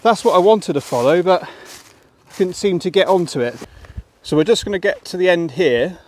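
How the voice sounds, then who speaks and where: A chatty man narrates his countryside walk to the camera, muttering asides and little exclamations as he goes. His voice sits a touch high for a man, and at times he is out of breath from climbing. The sound is caught outdoors on a handheld camera. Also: expressive, normal speed, a little mellow, slight background noise. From England. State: panting while climbing a muddy hill. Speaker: walking vlogger. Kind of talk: casual walking commentary to camera. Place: outdoors on muddy woodland footpath.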